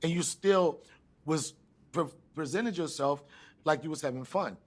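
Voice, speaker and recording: A man, a comedian guest, trading loud, brash, confrontational banter. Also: a little high, a little slow. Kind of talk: heated banter.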